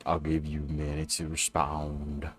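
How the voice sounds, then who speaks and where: A man's voice: very deep voice, monotone, moderate pace, soft background music. A young man streaming a game, chatting casually with a friend in slangy jokes, and getting tired. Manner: joking, slangy, tired toward the end. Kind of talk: casual gaming chat on stream.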